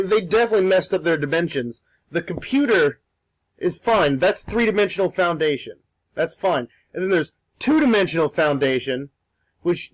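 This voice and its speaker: A young man with a voice on the higher side chats casually while he draws. He rambles, stumbles over repeated words and swears offhandedly. The sound is dry and close, with no room around it. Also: dry recording, poor audio. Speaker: art streamer. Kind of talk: casual talk while drawing.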